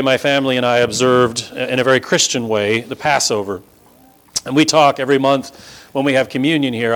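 A man pastor preaching a sermon to his congregation from the pulpit, emphatic and piling up words in rhetorical lists. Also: medium pitch. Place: church sanctuary before a congregation.

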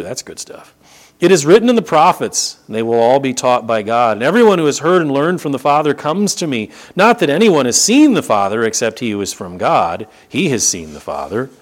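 A male preacher delivers a sermon with a lively, swooping pitch that climbs high and drops low. He reads scripture aloud, breaks off to explain it, repeats words for emphasis and draws out key phrases slowly. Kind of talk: sermon reading and expounding scripture.

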